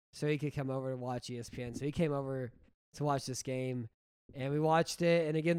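Young man with a smooth voice, chatting. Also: medium pitch. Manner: animated, storytelling, laughs easily. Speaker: podcast co-host. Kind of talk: casual chat watching an old football game.

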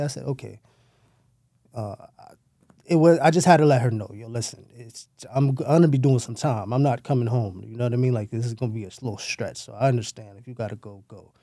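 A man's voice: medium pitch, fairly quick, dark tone, dry recording, studio quality. A man, telling his own story in loose street slang with plenty of profanity and rambling asides. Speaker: former gang member telling his story. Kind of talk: casual storytelling.

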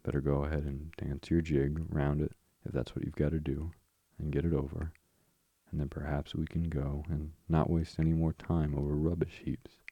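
A man's voice: a bass voice, little pitch movement, moderate pace, no echo, lo-fi sound. A man reading a bedtime story, voicing a fussy male mole who complains, pettish and put-upon.

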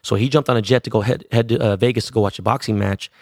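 A gravelly, fairly low-pitched voice with fairly even intonation belongs to a middle-aged LA DJ and producer. He spins a casual story packed with curses and street slang, quickly voicing the people involved, in clean studio sound with no room sound.

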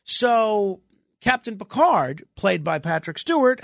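A man hosting a talk radio show, his voice pitched high for a man with a gravelly rasp at the edges. He comments with sarcasm and mock exasperation and drifts into chatty asides. The studio microphone sound is close and dry. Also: animated, slow, a bit bright, no room sound.

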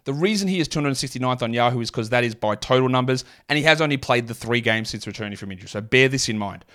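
A man from Australia with a mild Australian accent, hosting a solo fantasy basketball podcast and rattling off statistics with quick asides. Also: medium pitch, lively intonation, fairly bright tone. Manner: rapid stat-heavy delivery with asides.

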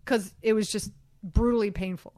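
A woman hosting a sports radio show, chatting in an animated, self-deprecating way with lots of fillers, on a studio microphone. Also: mid-range voice, normal speed, no room sound. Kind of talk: casual sports talk chat.

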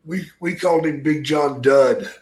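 An older man telling profane stories in casual chat, with a gruff manner and loud acted-out quotes. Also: on the high side, measured pace, slight background noise. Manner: gruff, swears constantly, acts out quotes loudly. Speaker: podcast guest, storyteller. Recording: echoey room.

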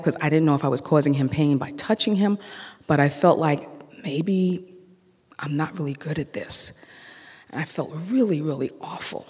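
A storyteller telling a personal story live on stage, acting out the dialogue with lively voices. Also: mid-range voice, slightly rough, big-room sound. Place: theater stage.

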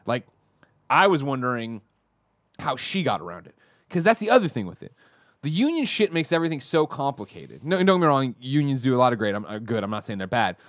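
A man co-hosting a podcast in casual chat, talking in an animated, rambling way and correcting himself mid-sentence. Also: mid-range voice, brisk, no echo, studio quality. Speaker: podcast co-host.

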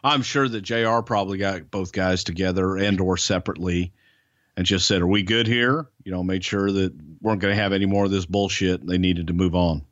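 A man's voice: low voice, fairly even intonation, a little fast, no room sound, lo-fi sound. A man co-hosting a podcast, telling backstage stories in a blunt, folksy, opinionated way. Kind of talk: casual storytelling chat.

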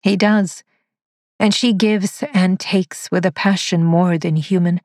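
A woman narrating a dark science-fiction story in a measured, deliberate way. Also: lowish voice, fairly even intonation, no echo, studio quality.

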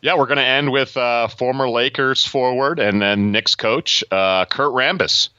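A man's voice: mid-range voice, a little slow, bright, forceful tone, clear, resonant tone, no room sound. A man co-hosting a casual sports podcast, joking at his own expense. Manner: self-mocking, jokey. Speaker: podcast co-host. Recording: dull lo-fi mic.

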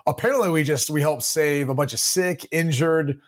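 A man co-hosting a sports podcast in casual chat, relaxed and joking, sometimes slipping into mock voices. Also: a little high, normal speed. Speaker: podcast co-host.

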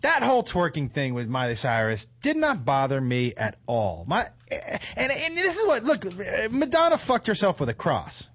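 Lively middle-aged guy on talk radio, swears a lot, voice swoops all over. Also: fairly high pitch, moderate pace, hardly any pauses. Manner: animated, self-deprecating, swears freely. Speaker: radio show host. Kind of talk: casual storytelling chat.

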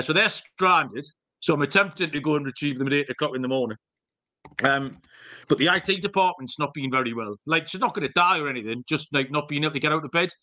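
A man's voice: on the high side, pushed and bright. A middle-aged man co-hosting a podcast, telling rambling, jokey stories with some swearing in casual chat. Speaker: podcast co-host.

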